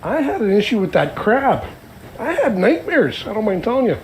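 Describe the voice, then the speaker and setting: A man from Canada presenting a scripted comedy segment with deadpan jokey asides. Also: high voice, moderate pace, a little hiss or hum, rough recording.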